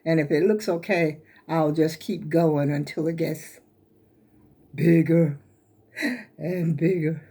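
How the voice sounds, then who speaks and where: A woman's voice: low voice, steady tone, slow, pauses often, dark tone, husky. An older woman, chatting casually and rambling folksy to her viewers at home while a little out of breath. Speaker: vlogger showing her crochet. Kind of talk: casual chat to camera.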